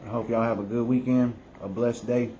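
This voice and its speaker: A man's voice: mid-range voice, fairly even intonation, brisk, dark tone, a little hiss or hum. A man chatting casually to viewers in a morning vlog at home, rambling and talking to his pets. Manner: laid-back, rambling, talks to his pets. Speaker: vlogger.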